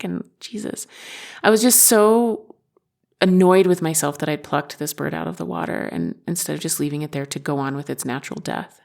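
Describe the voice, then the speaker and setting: Podcast host, a woman with a gravelly voice, telling a story candidly and with self-deprecating humor. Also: on the low side, fairly even intonation, a little fast, darkish tone. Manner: candid, self-mocking, swears freely. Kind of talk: personal storytelling monologue.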